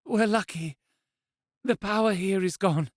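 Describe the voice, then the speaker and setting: A male narrator voicing a wounded, determined young woman in an audiobook, quiet and strained. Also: high-pitched, unhurried, no room sound, clean studio sound, voice pushed up. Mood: strained resolve. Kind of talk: audiobook character voice.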